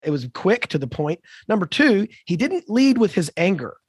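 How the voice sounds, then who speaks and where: A man in his fifties, a podcast co-host, telling a story in an animated, emphatic way with lively asides. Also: high voice, moderate pace, breathy edge, no room sound. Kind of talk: conversational storytelling.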